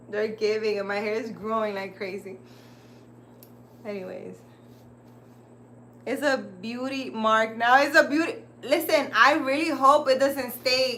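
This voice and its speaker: A woman's voice: fairly high pitch, sharp tone, slight background noise. A woman hosting a casual livestream, rambling and chatty as she talks straight to her viewers. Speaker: livestream host.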